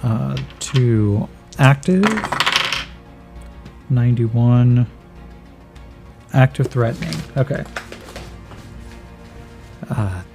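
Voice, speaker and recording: A man's voice: medium pitch, drawn-out words, vocal fry, pauses often, over music. A man narrating a solo tabletop role-playing game, thinking aloud and calling out dice rolls in a casual way.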